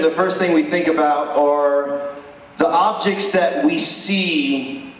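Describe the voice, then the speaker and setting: A man preaching a sermon at a school chapel, emphatic and full of rhetorical questions. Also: fairly high pitch. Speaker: chapel speaker. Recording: echoey hall, distant mic.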